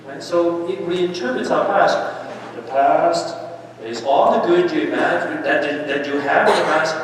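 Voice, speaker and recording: A man's voice: fairly high pitch, a little slow, recorded from a distance, slight background noise. Man preaching in an echoey church. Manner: animated, anecdotal, with asides and laughter. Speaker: priest leading a Lenten mission. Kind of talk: sermon. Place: large church.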